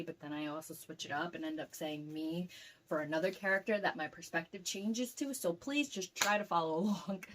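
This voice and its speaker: A young woman casually telling a dream to camera, rambling with lots of fillers and getting animated as the story goes. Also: low-pitched. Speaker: vlogger recounting a dream.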